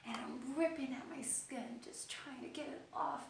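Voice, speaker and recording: A woman vlogging about her illness in her kitchen, telling her story with animated gestures and sometimes dropping to a quiet whisper. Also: sits high, moderate pace, vocal fry, hardly any pauses. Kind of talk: personal video diary. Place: kitchen of an old house. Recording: roomy, distant mic with faint noise.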